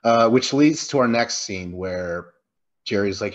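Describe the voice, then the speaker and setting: A man's voice: lowish voice, lively intonation, a little slow, highs cut off. A man co-hosting a movie review podcast, chatting casually and swearing freely while acting out scenes in quoted voices. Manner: loose, profane, acts out scenes in quoted voices. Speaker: podcast co-host.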